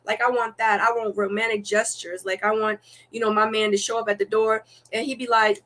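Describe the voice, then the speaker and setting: A woman's voice: fairly high pitch, fairly quick. A young adult woman chatting as a guest in an interview, telling stories animatedly and acting out what people say, with lots of "like" fillers. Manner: animated storytelling, acts out quotes, many "like" fillers. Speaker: dating show guest. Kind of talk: casual interview chat.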